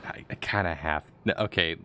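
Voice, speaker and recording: A man's voice: low-pitched, moderate pace, bright, forceful tone, a little hiss or hum. A man commentating his game playthrough with sarcastic, joking asides, voice a little strained. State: slightly strained voice. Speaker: gaming streamer. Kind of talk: let's play commentary.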